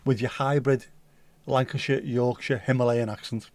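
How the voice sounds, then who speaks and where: A man's voice: medium pitch, fairly even intonation, normal speed, no room sound. A man hosting a casual livestream, chatting with viewers and reading out their comments in rambling, dry, joking banter. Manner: dry, rambling banter, slips into silly voices. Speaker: livestream host.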